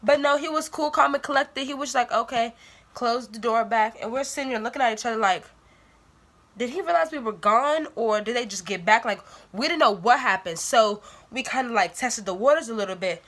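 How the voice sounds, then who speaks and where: Young woman vlogger doing a storytime, says like a lot, pretty bright voice. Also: on the high side, fairly quick. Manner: animated, dramatic retelling with many "like"s. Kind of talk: casual storytime.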